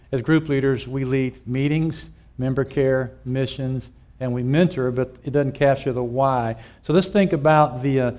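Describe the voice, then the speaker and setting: A man's voice: mid-range voice, darkish tone. Middle-aged male pastor, conversational storyteller. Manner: storytelling, with rhetorical questions to the audience. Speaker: pastor speaking to small group leaders. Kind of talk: conversational teaching talk. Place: church meeting with a live audience.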